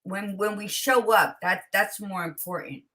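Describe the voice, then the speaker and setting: A woman co-hosting a casual morning chat from home, lively and switching between English and Spanish, laughing often. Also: mid-range voice, measured pace. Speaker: co-host. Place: home, by a window.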